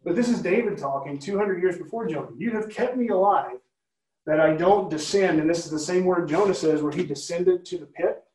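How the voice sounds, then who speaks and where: A man's voice: high-pitched, a little fast, hardly any pauses, a little mellow. A man leading a Bible study, teaching conversationally and often checking in with listeners by asking questions. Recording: roomy, from a distance.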